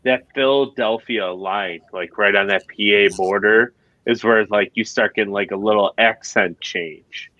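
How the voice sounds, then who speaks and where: A man from New York State chatting casually on a podcast with quick remarks. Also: lowish voice, bright, forceful tone. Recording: dry, dull lo-fi sound.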